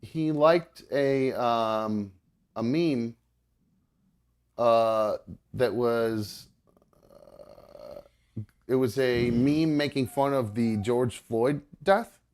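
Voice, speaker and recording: A man's voice: mid-range voice, extremely slow, long pauses, a little mellow. A man co-hosting a podcast from home, talking in a rambling, casual way full of ums and uhs. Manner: rambling, many ums and uhs, laughs easily. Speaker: podcast co-host. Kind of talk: casual chat. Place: home with pets around.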